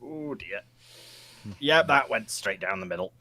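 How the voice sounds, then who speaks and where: A man playing a team game with friends, giving quick tactical calls. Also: mid-range voice, lively intonation, pushed and bright. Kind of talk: casual game chat.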